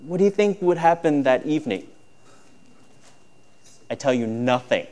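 A man with a fairly high voice preaching a sermon. He talks conversationally, like a pastor speaking to his congregation, and acts out quoted speech with lively shifts in tone. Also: moderate pace, pauses often.

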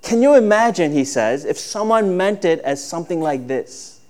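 A man with a fairly high voice preaching a sermon. He talks conversationally, like a pastor speaking to his congregation, and acts out quoted speech with lively shifts in tone. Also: moderate pace.

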